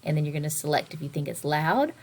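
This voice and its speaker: Woman music teacher, online kids' lesson, low voice, bouncy delivery, whispers for emphasis. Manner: lively, expressive, slows and whispers for emphasis. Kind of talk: recorded online lesson for children.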